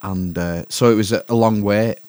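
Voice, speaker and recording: A man's voice: fairly low pitch, steady tone, moderate pace, darkish tone, no room sound. A man casually chatting on a podcast, telling a story with laughs and casual swearing. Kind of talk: casual chat.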